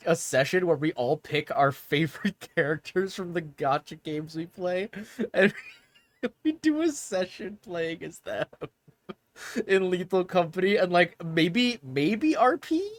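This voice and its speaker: A man's voice: on the high side, no room sound. A young man streaming and chatting casually with his viewers in a rambling way, laughing often.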